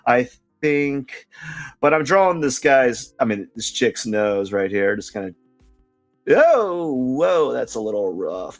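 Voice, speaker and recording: Slow-talking relaxed artist guy. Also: medium pitch, soft background music. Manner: relaxed, rambling, self-deprecating. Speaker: artist host. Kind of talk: casual drawing vlog talk.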